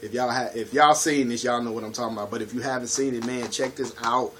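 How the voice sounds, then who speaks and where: Brief: easygoing man, mid pitch, relaxed chatty reviewer, faint noise behind. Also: fast talker. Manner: laid-back, chatty, keeps saying "you know what I'm saying". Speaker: home video collection reviewer. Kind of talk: casual video review.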